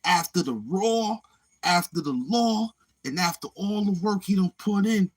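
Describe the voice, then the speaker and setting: A man's voice: high-pitched, measured pace. A man hosting a casual livestream, rambling along and murmuring mm-hmm between his thoughts. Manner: rambling, with many murmured mm-hmms. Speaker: livestream host.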